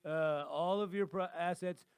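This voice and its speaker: A man putting on a boastful older con-man salesman in a toupee, who brags loudly and stretches his words out slowly. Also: sits high, smooth, no echo. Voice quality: loud, drawn-out bragging delivery.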